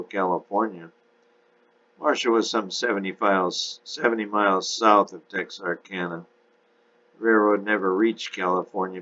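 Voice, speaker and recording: Man reading an audiobook, deep-ish voice, kinda muffled lo-fi. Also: fairly bright tone. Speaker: narrator. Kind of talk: audiobook narration.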